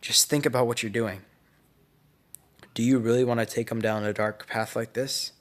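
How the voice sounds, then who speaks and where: A man voicing a grown male ninja teacher, talking calmly and earnestly to sway someone. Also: mid-range voice, normal speed, close to an everyday voice. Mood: pleading.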